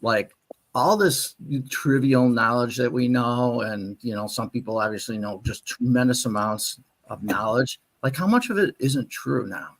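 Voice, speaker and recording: A man's voice: mid-range voice, unhurried. A man in casual chat, musing aloud and laughing along with the others.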